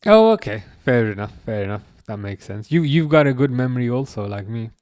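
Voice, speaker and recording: A man in his thirties hosting a live football watchalong, chatting casually and reading out comments, with a halting, restarting way of talking. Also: mid-range voice, lively intonation, a little mellow, dry recording, studio quality. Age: 30s. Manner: halting, many restarts, chuckles often.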